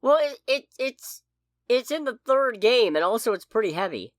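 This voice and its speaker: A woman's voice: a little high, big pitch swings, moderate pace, no room sound, studio quality. A woman co-hosting a podcast in casual chat, rambling and correcting herself as she jokes along. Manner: rambling, self-correcting, jokey. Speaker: podcast co-host.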